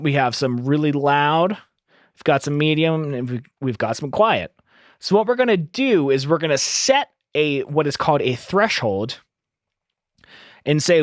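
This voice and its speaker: A man with a slightly high voice hosts a screen-recorded audio tutorial, walking through each step in an upbeat, teacherly way. He speaks into a close studio mic, and the recording is dry.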